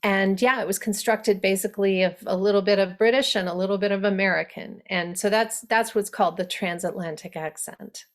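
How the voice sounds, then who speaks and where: A woman dialect coach teaching an online workshop over a video call, speaking with animated enthusiasm. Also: mid-range voice, a little fast, few pauses. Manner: animated, enthusiastic, laughs easily.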